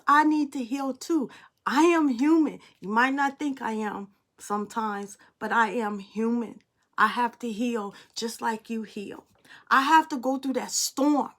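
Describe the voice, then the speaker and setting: A woman's voice: high voice, fairly bright tone. A woman spiritual reader in a tearful, passionate monologue, blunt and preachy, speaking.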